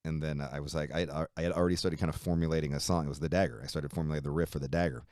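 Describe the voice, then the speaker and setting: Man guest, very low voice, dry close recording, casual storyteller who swears a lot. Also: racing, dry recording. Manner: swears freely, animated storytelling with quoted dialogue. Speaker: musician guest.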